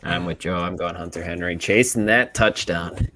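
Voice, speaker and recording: A man's voice: deep voice, moderate pace, a crowd in the background. A man co-hosting a podcast, easygoing, reading listener questions out plainly. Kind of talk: casual sports chat.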